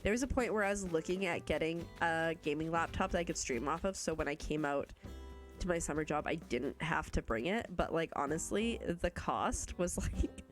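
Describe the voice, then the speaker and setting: A woman's voice: sits low, animated, normal speed, soft background music. A young woman from Canada, chatting casually and rambling as she streams a game and answers chat. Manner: chatty, rambling, reads chat aloud, laughs often.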